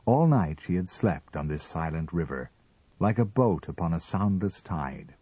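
Deep, husky male storyteller. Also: dry recording. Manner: measured, expressive reading. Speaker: narrator. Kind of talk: audiobook story reading.

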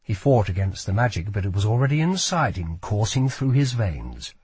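A man narrating a fantasy audiobook with slow, expressive storytelling. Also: on the low side, slightly rough, dry recording. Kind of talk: scripted narration.

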